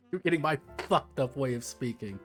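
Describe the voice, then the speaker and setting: A man's voice: mid-range voice, fairly bright tone. A man streaming live, rambling and joking and swearing freely as he walks through a tabletop game book. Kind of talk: casual live-stream chat.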